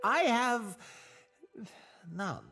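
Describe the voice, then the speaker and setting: A drunken, boastful sailor in a jail cell for a fantasy game, with a high voice that swoops widely. He talks slowly and theatrically, wheedling and grandiose. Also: very animated, creaky, full character voice. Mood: pleading. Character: drunken boastful jailed sailor, middle-aged man. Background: game music.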